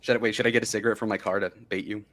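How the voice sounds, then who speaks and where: A man's voice: fairly low pitch, fairly even intonation, racing, crowd noise. A young man streaming, chatting casually in a joking, boastful, teasing way.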